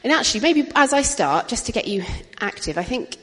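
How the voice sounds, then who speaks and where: A woman's voice: fairly high pitch, big pitch swings, brisk, a bit bright. A middle-aged woman giving an informal testimony talk at a church gathering, chatty and anecdotal, with frequent laughter. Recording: reverberant hall.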